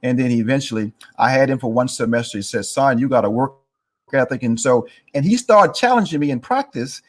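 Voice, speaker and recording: A man's voice: mid-range voice, animated, fairly quick. A man in his sixties from East Texas, a guest telling a story in an interview and acting out the voices of people he quotes. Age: 60s.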